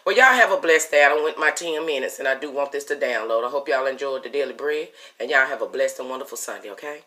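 Woman vlogger, bright voice, casual religious talk, emphatic, repetitive, laughs often. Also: very deep voice, fast talker. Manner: emphatic, repeats herself, calls viewers "honey" and "y'all"; laughs often while talking.

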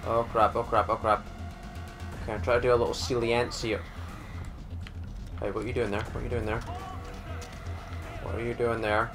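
A man giving live gameplay commentary, excitable and swearing a lot, talking at the enemies on screen. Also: medium pitch, normal speed, pauses often, music in the background. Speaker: gamer doing a let's play.

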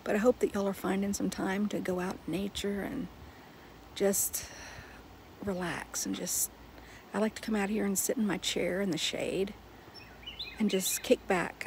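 Lady rambling on outside, super gravelly voice, birds faint in the back. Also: medium pitch, unhurried, pauses often, a little hiss or hum. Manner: relaxed, rambling, chatty. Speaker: vlogger. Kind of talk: casual chat to camera. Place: outdoors under trees in the woods. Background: faint outdoor sounds with birds.

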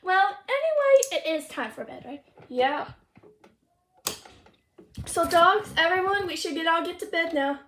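A woman's voice: very high voice, animated, measured pace, long pauses, a bit bright, roomy sound, full character voice. A woman voicing a young male leader of the pups in a noisy home recording, instructing and scolding. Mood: firm.

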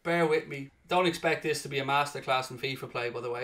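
A man giving let's-play commentary on a football game, swearing freely and swinging between low muttering and loud outbursts. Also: brisk. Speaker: gaming channel host.

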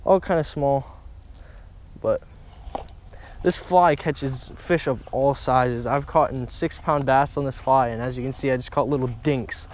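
A young man narrates his fishing trip to the camera in a casual, excitable way, repeating phrases and calling out to his viewers. His voice sits in an ordinary middle pitch. He is recorded outdoors by a pond with a light hiss of ambient noise behind him. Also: a little slow. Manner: excitable, repeats himself, keeps saying "guys" and "oh my gosh". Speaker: fishing vlogger. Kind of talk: casual outdoor vlog commentary.

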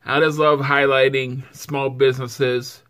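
A man's voice: mid-range voice, level tone, measured pace, fairly bright tone. A man vlogging casually while suffering from spicy heat, sighing and whooping between words. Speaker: food vlogger. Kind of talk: casual vlog.

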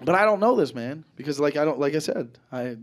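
A young man performing a stand-up comedy set on a club stage, animated and swearing, acting out his friends. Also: on the high side. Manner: animated, swears a lot, acts out friends in quick voices. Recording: live club audience in background.

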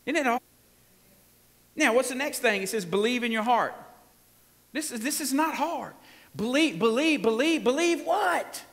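A pastor preaches a sermon in a church sanctuary, folksy and emphatic, laughing often and drawing call-and-response from the congregation. His voice is extremely high, expressive and a bit bright, with a gravelly edge, a moderate pace and frequent pauses. The church's long hall reverb carries through the recording.

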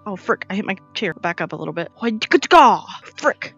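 A male gaming YouTuber giving casual, jokey commentary while playing, talking to himself with sudden loud outbursts. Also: high-pitched, very animated, a little fast, husky, faint music behind. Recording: dull lo-fi recording.

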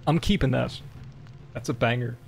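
A man streaming a game live, swearing, laughing and reading in-game books aloud with excitement. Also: medium pitch, moderate pace, gravelly, a little hiss or hum. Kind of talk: live gameplay commentary.

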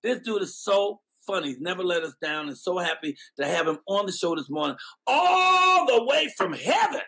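Husky, high-voiced male host, hyped and loose with the banter. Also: fairly quick. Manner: hyped, shouting introductions, loose slangy banter. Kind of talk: morning show hosting.

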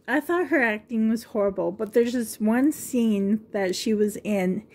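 A woman's voice: medium pitch, creaky, a little mellow. A middle-aged woman vlogging in a casual, rambling way, chatting to camera and laughing often.

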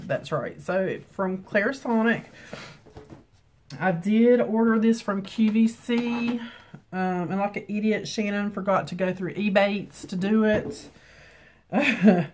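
A woman's voice: mid-range voice, slow, a little mellow, slight background noise. A young woman, congested, chatting casually in a rambling home vlog full of ums. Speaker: beauty vlogger. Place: home room with ring light.

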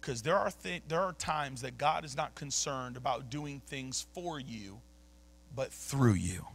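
A man's voice: medium pitch, a little slow, fairly bright tone, breathy edge. A man preaching a sermon as a pastor, emphatic and conversational, dropping casual slang between points. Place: church sanctuary.

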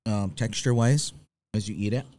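A man co-hosting a casual chat, laid-back and joking, often pausing with fillers. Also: on the low side, warm tone. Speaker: co-host.

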